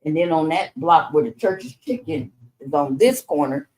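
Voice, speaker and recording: A middle-aged woman candidly tells her son her life story in frank conversation, often restarting her sentences. Her low voice is animated and darkish, at a moderate pace, and the audio is poor.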